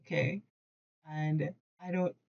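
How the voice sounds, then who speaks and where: A woman hosting a casual hands-on craft tutorial at her desk at home, chatty and excitable, laughing often and correcting herself mid-sentence. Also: low-pitched, takes it slowly, lo-fi sound.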